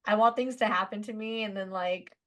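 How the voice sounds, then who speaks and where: A woman from Southern California, a guest musician telling stories on a casual podcast, animated and full of fillers. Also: mid-range voice, a little fast. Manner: chatty, animated, lots of "like", laughs while telling stories.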